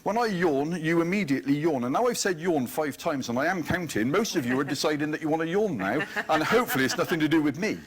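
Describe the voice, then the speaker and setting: A man, giving an animated, joking motivational talk at a conference. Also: a little high, fast talker, few pauses, a crowd in the background. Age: 50s. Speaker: conference speaker. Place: conference hall.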